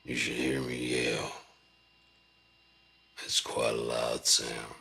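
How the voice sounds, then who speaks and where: A man talks to camera in a loose, rambling monologue full of profanity and offhand jokes. His voice is very low and gravelly, and he talks at an unhurried pace. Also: completely flat delivery, pushed and bright. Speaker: vlogger.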